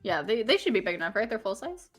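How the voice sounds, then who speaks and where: A woman co-hosting a casual podcast, excitable and full of fillers as she plays a quick-fire quiz game. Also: medium pitch, soft background music. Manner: excitable, lots of fillers and hesitations. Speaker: co-host.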